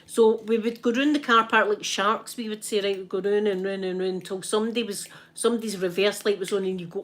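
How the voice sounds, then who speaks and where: A woman's voice: medium pitch, fairly even intonation, quick pace, few pauses. A middle-aged woman with a Scottish accent talks in a mid-range voice, chatting to her viewers in a loose, casual way. She keeps stopping and starting as she tells rambling anecdotes. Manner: chatty, rambling, with frequent restarts. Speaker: ASMR streamer. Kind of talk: casual storytelling chat.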